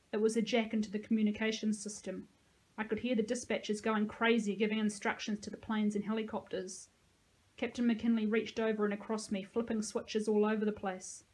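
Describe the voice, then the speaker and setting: A woman teacher reading a novel aloud with steady, expressive storytelling. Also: medium pitch, rough recording.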